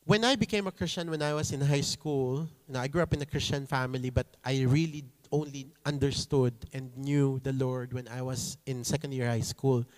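A man preaching a sermon, slow and emphatic, slipping Tagalog phrases into his English. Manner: voices pleading children in a high voice.

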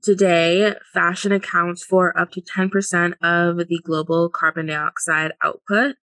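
A woman's voice: on the low side, steady tone, a little slow, fairly bright tone, no room sound. A woman co-hosting a podcast, talking in a chatty, emphatic way and reading quotes aloud. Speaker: podcast co-host. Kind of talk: casual podcast chat.

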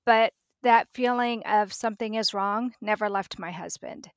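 A woman's voice: medium pitch, fairly even intonation, normal speed, few pauses, smooth, dry recording, studio quality. A middle-aged woman, a podcast guest, telling a personal story vividly and acting out the dialogue.

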